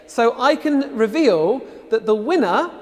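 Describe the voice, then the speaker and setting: A man's voice: very high-pitched, lively intonation, measured pace, long reverb tail. A man hosting a live online event, upbeat and chatty with frequent fillers. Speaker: host.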